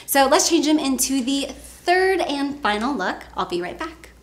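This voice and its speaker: A woman's voice: high voice, animated, unhurried. A woman presenting men's outfits in a fashion vlog, upbeat and enthusiastic. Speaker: fashion vlogger.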